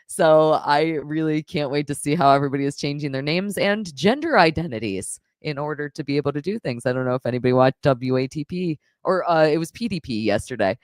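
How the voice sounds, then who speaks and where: A woman with a low voice hosts a casual live stream. She reads viewer messages aloud and answers them bluntly, swearing freely. The close, dry sound has no room to it, and her voice carries the emotion of a hard day. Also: brisk, hardly any pauses, no echo. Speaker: live stream host reading super chats.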